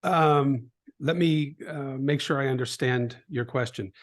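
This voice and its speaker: A middle-aged man in a conversational interview, an animated storyteller who acts out quoted voices, with frequent restarts. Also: mid-range voice, measured pace. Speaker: trading educator, guest.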